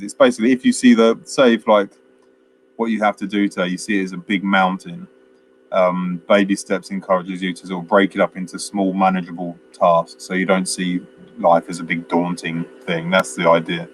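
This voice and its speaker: A man's voice: low voice, level tone, moderate pace, slight background noise, low-quality recording. A man co-hosting a film chat, casually retelling a plot in a rambling way with lots of fillers and chuckles. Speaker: film podcast co-host.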